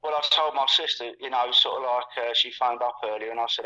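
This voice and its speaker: A man's voice: mid-range voice, steady tone, fast talker, hardly any pauses, sharp tone. A man in his sixties from England, a guest talking casually and ramblingly, repeating words and stacking fillers. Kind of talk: casual conversation. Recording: muffled, lo-fi call audio.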